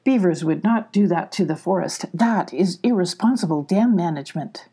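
A woman's voice: on the low side, lively intonation, normal speed, mellow, husky. A woman voicing a fussy, cheerful male beaver who repeats his phrases, in a storybook reading. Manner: repeats his words twice.

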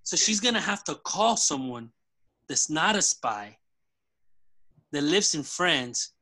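A man pitching a movie idea in a casual group brainstorm, animated and rambling with restarts. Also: takes it slowly, no echo.

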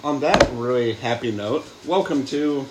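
A man's voice: mid-range voice, unhurried. Wry young man co-hosting a podcast. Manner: storytelling, mildly irritated, wry. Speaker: podcast co-host. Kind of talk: casual chat. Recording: roomy echo, faint background hum.

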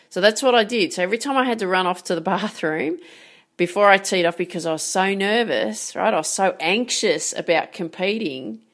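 A woman's voice: medium pitch, normal speed. A woman, talking straight to her audience as a sports mindset coach, earnest and emphatic, with frequent rhetorical questions. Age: 40s. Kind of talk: direct-to-camera coaching talk.

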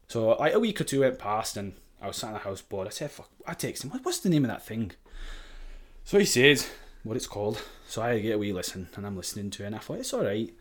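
A man's voice: fairly low pitch, big pitch swings, fast talker. A young man from Sheffield with a Sheffield accent, telling a story with lots of swearing and laughter on a podcast. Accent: Sheffield English. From England. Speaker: podcast guest. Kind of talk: casual storytelling chat.

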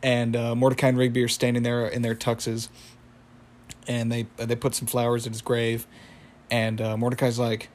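A man's voice: mid-range voice, monotone, normal speed, a little mellow. A man casually recapping a cartoon episode, rambling with frequent laughs. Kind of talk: casual chat.

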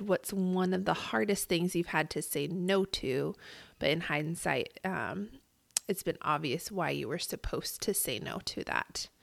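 Woman, heavy gravelly fry, dry close sound, morning voice, reflective podcast chat. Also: low-pitched, no room sound. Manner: reflective, halting with fillers. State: morning voice, a bit husky. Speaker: podcast co-host.

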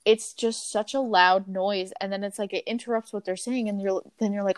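A woman in her twenties talking in a casual, animated chat about restaurant work, full of fillers and casual swearing. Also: mid-range voice, moderate pace, few pauses, no room sound. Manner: animated storytelling with frequent fillers. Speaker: podcast host.

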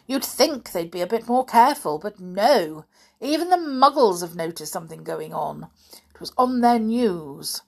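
A woman voicing a severe older witch professor who speaks sharply and impatiently, raising her voice higher and louder than her narration. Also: expressive, takes it slowly, full character voice. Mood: irritable.

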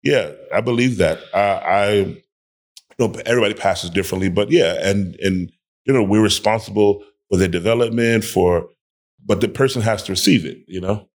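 A man's voice: on the low side, normal speed. A man who is a pastor and guest on a casual panel conversation, telling stories and acting out quotes. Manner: animated storyteller who acts out quotes.

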